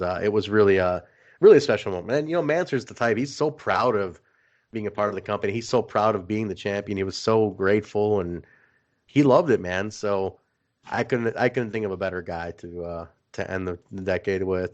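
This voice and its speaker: A man co-hosting a casual podcast who tells stories with animated energy, swears freely and laughs often. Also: on the low side, highs cut off. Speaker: podcast co-host. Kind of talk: casual chat.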